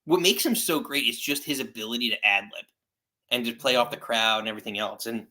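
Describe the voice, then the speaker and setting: A man's voice: medium pitch, quick pace, bright, forceful tone. A man co-hosting a casual wrestling podcast, giving opinions in a rambling way with many restarts. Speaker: podcast co-host.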